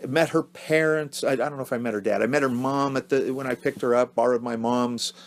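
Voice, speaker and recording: A man co-hosting a casual podcast, telling a story in a halting, earnest way and repeating words as he goes. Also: medium pitch, fairly even intonation. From Ohio, US. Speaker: podcast co-host.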